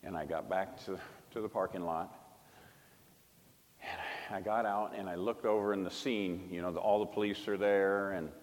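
Emphatic low-voiced preacher in a hall. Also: male voice, steady tone, normal speed. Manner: emphatic, swinging from loud to hushed. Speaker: preacher giving testimony. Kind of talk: sermon storytelling.

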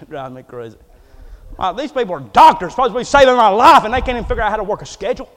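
A man's voice: high-pitched, lively intonation, fast talker, fairly bright tone. A man preaching a folksy, storytelling sermon in a church, acting out the quotes as he goes. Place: church hall. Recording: echoey hall.

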